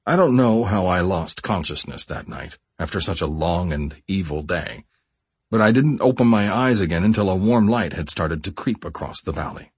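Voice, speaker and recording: A man narrates a first-person memoir audiobook in a measured, expressive storytelling voice. His voice is low with a husky grain, and his pitch rises and falls widely. The recording is close and dry. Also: dry recording.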